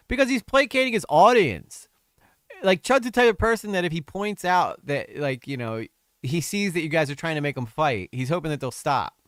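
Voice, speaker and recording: A man's voice: a little high, very animated, brisk, a bit bright, dry recording, clean studio sound. A man commenting on a stream, crude and exasperated, mocking what he reads.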